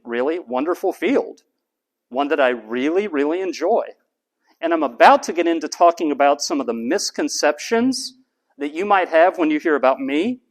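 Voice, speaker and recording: Animated, emphatic man lecturing a class. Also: on the high side. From Texas. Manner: animated and emphatic, repeats words for stress. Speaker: college professor.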